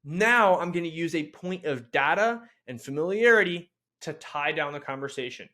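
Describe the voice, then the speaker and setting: A man giving a sales training lesson in a blunt, casual, energetic way, with mild swearing. He acts out phone lines with a bright, rising tone. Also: fairly high pitch, a little fast, few pauses. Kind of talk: instructional video talk.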